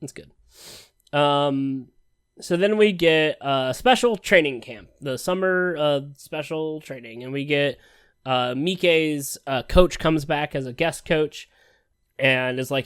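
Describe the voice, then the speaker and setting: A man's voice: fairly high pitch, takes it slowly, clear, resonant tone, dry recording. Podcast co-host, man, loose and profane, recaps with tossed-off quoted asides, dry close sound. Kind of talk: casual anime review chat.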